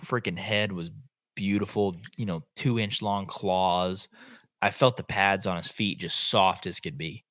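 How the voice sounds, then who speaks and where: A man, a podcast host telling an animated hunting story in casual chat. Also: low voice, unhurried, no room sound, clean studio sound. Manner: animated, acts out quotes in voices.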